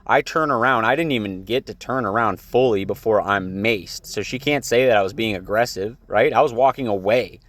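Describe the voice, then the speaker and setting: A man's voice: on the low side, normal speed, hardly any pauses, fairly bright tone. A young man telling a story in a casual vlog, rambling and heated, with lots of fillers and swearing. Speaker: vlogger. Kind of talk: casual venting vlog to camera.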